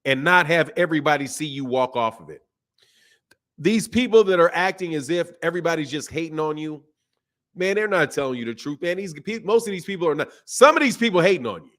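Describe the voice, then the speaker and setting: A man with a Southern US accent hosts a live boxing stream. His voice sits a little high, and he talks in a relaxed, slangy way, often repeating his phrases. He chats loosely and reads out messages from viewers. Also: brisk. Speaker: boxing channel host. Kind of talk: casual live-stream talk reading chat.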